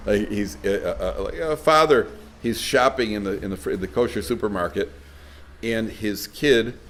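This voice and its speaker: Animated storytelling rabbi, a man. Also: lowish voice. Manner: storytelling, animated, acts out quoted voices; warm, joking with listeners. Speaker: rabbi giving a parenting talk. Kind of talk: lecture to a live audience.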